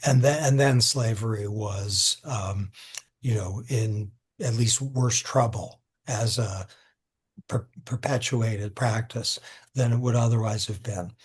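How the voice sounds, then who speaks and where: An older man, a law professor, answering interview questions in a thoughtful, halting way, at times emotional. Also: fairly low pitch, slightly rough.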